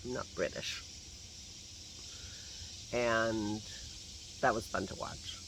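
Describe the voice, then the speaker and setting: A man with a slight lingering cough films himself on a phone held at arm's length out in his garden, rambling and chatting casually as a vlogger and laughing to himself. His voice sits on the low side with a steady tone, he takes it slowly, and there's background noise.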